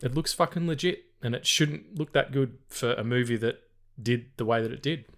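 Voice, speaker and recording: A man's voice: medium pitch, moderate pace. A man co-hosting a casual film podcast, rambling with lots of fillers, restarts and swearing. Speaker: podcast co-host.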